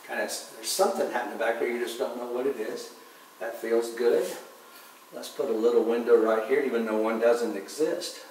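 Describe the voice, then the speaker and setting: A man giving a relaxed painting demonstration, talking softly and unhurriedly, often trailing off quietly as he works. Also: medium pitch, moderate pace, slight background noise. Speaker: painting instructor. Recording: distant mic in an echoey room with faint ambience.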